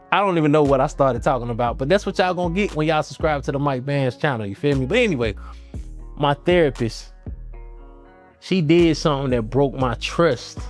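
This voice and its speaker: A man hosting his own channel, talking casually to camera in a rambling, slangy way with frequent restarts. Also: mid-range voice. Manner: rambling, restarts often, loose slangy talk. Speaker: channel host. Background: faint guitar music.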